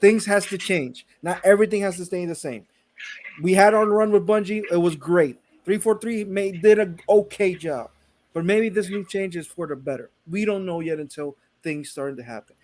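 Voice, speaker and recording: A male co-host on a casual gaming podcast, with a slightly high voice. He talks emphatically and presses his point again and again. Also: moderate pace, darkish tone. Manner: emphatic, repeats no, insistent.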